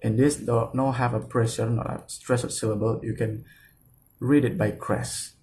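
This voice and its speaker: Slow, halting male teacher. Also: medium pitch, fairly even intonation, darkish tone, a little hiss or hum. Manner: slow, halting, with frequent restarts. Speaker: English teacher. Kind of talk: online pronunciation lesson.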